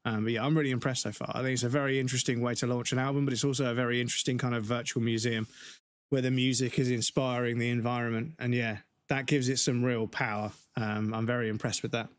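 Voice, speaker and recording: A man's voice: mid-range voice, little pitch movement, fast, dry recording. Profane forty-something male game streamer. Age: 40s. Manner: casual and profane, talking straight to chat. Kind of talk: live-stream gaming chat. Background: game music.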